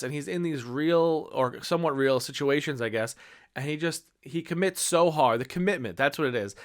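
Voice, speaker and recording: A man in his thirties giving a casual, enthusiastic movie review, rambling with many fillers. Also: fairly high pitch. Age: 30s.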